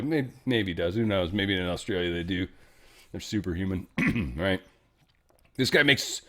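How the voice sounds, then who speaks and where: A man's voice: lowish voice, brisk, a bit bright. Rambling, profane male talk-show host. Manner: rambling, profane, jokey asides. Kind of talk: casual news commentary.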